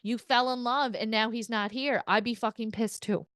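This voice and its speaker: A female medium, talking at a moderate pace without any echo, offers a casual spirit reading full of chatter and frequent laughter. Now and then she curses, and she repeats quotes in a higher, excited voice.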